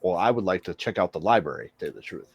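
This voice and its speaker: A man's voice: deep voice, lively intonation, very fast, husky, dull audio. A man playing a tabletop game, hesitant and prone to repeating himself, mock-formal when in character. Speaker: player. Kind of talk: tabletop role-play, in and out of character.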